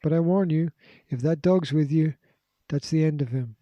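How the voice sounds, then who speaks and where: A man's voice: fairly high pitch, moderate pace, dry recording, highs cut off, lightly acted. A man voicing a menacing armed villain. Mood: threatening. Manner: harsh, threatening, forceful.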